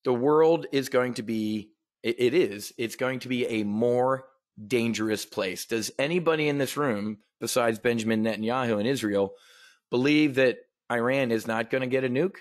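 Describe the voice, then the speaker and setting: Man, market show host, sarcastic swearing rant, dry close sound, mid pitch. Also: normal speed, no echo. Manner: blunt, swearing, sarcastic ranting with repeated restarts. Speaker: host of a trading market briefing. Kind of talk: casual profane livestream commentary.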